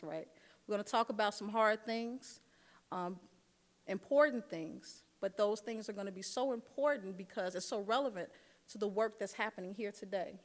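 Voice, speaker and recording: A woman's voice: medium pitch, normal speed. A woman giving a keynote speech at a dinner, telling a personal story and talking straight to the audience. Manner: storytelling, engages audience directly. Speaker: keynote speaker. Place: large dinner hall. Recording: long hall reverb.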